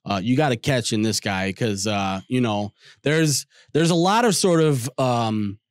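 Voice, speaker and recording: A man's voice: mid-range voice, expressive, measured pace, smooth, dry recording, clean studio sound. A man co-hosting a casual sports podcast, rambling and upbeat, often repeating words as he thinks. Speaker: co-host.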